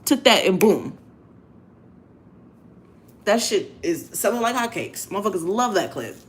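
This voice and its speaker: A woman's voice: mid-range voice, big pitch swings, unhurried, slight background noise. A woman hosting a casual monologue in a blunt, profane, emphatic way, often repeating phrases for effect. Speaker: host.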